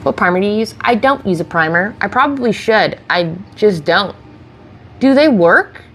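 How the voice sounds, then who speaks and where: A woman livestreams while getting ready, chatting casually and rambling as she answers viewers' questions on a close streaming mic. Her mid-range voice is expressive with a fairly bright tone, at normal speed, in casual get-ready-with-me stream chat.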